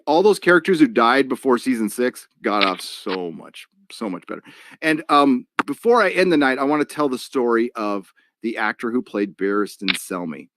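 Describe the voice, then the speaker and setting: A man hosting a live stream, reading donations and ranting in a casual way with many fillers and restarts. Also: mid-range voice.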